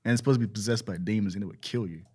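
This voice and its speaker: An American man co-hosting a podcast, offhand and quick to laugh in casual chat. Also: fairly low pitch, a little mellow, husky.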